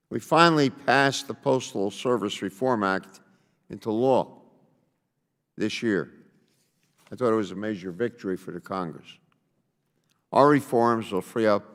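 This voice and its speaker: Man, congressman, from New Jersey, unhurried, hearing-room reverb. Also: fairly low pitch. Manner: measured, deliberate delivery. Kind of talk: prepared hearing statement.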